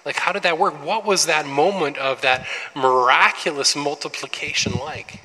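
A male pastor preaching in a large hall, with a very bright, forward tone and a slightly raised pitch. He talks animatedly, asking rhetorical questions and restarting phrases as he goes. A long reverb tail follows every line. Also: normal speed. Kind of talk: sermon.

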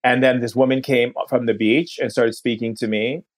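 A man who is a podcast guest, recounting a personal story in an earnest, unhurried way and often slowing down to linger on words. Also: medium pitch, steady tone.

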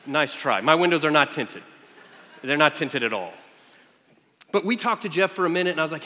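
A man preaching as a campus minister, telling a story in an animated way and leaping high in pitch for quoted lines. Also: brisk, long pauses. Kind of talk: storytelling sermon. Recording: echoey hall.

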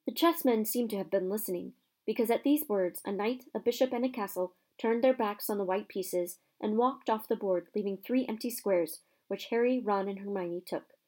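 Woman reading a kids fantasy book out loud, expressive, does the voices. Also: mid-range voice, moderate pace. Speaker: narrator. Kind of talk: reading a children's fantasy novel aloud.

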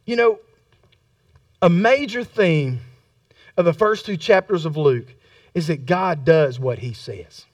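A man preaching a sermon as a Baptist pastor, repeating his lines and building to fervent shouts. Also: on the high side, lively intonation, slow pace, pauses often, dry recording, recorded from a distance.

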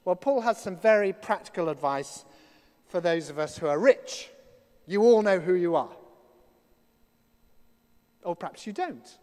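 A man's voice: sits high, lively intonation, a little slow, pauses often, a little mellow. A man preaching a sermon in a church, conversational and given to humorous asides. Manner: conversational, self-deprecating asides. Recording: long reverb of a church hall.

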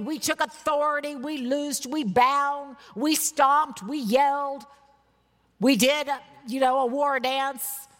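A woman in her sixties preaching a sermon, telling personal stories earnestly with emphatic bursts. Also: mid-range voice. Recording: long reverb of a large hall.

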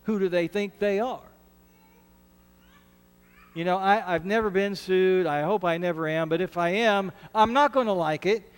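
A man delivers a sermon in an earnest, conversational way, stumbling and restarting phrases as he goes. His voice sits notably high for a man. The sound carries a long reverb from the church sanctuary around him. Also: normal speed, long pauses, smooth. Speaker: pastor.

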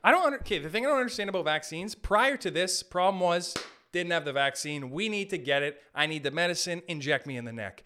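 A man's voice: a little high, expressive, fast, sharp tone, a little hiss or hum. A man from Canada hosting a podcast, doing a hyped-up, jokey comedic rant. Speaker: podcast host.

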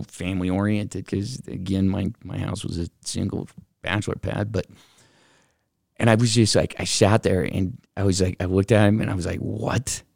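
A middle-aged man casually telling a story from his office, animated, acting out the voices of the people in it, with lots of fillers. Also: low-pitched, vocal fry, no echo, studio quality. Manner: animated, acts out quoted voices, many fillers.

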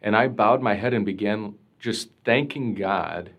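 A priest being interviewed, telling a personal story in an earnest, reflective way, full of casual fillers. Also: male voice, on the low side, measured pace, creaky, muffled recording.

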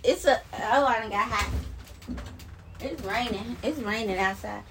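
A woman with a bright, high-leaning voice speaks unhurriedly with frequent pauses, far from her phone recorder, with slight background noise. Describing herself as a minister, she paces while recording an emotional testimony for viewers, fervently repeating herself amid bursts of exclamation and laughter.

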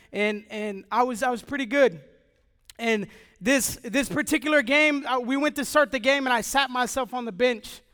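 A young man giving an impassioned sermon testimony, swinging from shouting to hushed. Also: extremely high pitch, clean tone, no echo, studio quality.

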